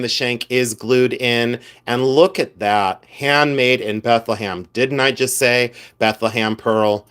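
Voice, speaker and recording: A man's voice: mid-range voice, fairly bright tone, clear, resonant tone. A man hosting a live stream, chatting casually and playfully with viewers, teasing and laughing often. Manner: chatty and effusive.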